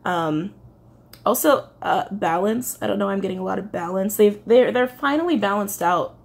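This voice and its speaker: A woman's voice: mid-range voice, animated, normal speed, creaky. Chatty, emotional woman giving a tarot reading. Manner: chatty, rambling, emotional, frequent fillers and self-corrections. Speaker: tarot reader. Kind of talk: casual spoken tarot reading.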